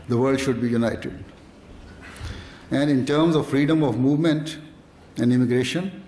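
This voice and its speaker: A man delivering a formal speech in slow, deliberate phrases. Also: medium pitch, darkish tone, roomy sound, slight background noise. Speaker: speaker addressing an event.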